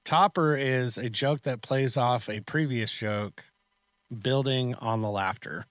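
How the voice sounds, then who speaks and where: A man's voice: mid-range voice, slow pace, a bit bright, no room sound. Man reading out quiz terms, dry sound. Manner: short affirming replies, reads out terms and definitions. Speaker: podcast co-host quizzing on terms. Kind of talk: casual podcast chat.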